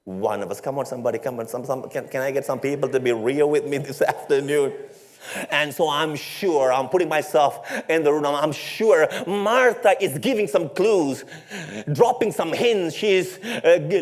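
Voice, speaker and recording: A male pastor preaching a sermon in a storytelling way, with rhetorical questions and playful asides to his congregation. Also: a little high.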